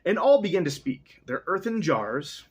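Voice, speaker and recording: A man's voice: a little high, sing-song, normal speed, husky. A young man reading a text aloud and casually commenting on it, rambling, profane and often interrupting himself. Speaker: reader.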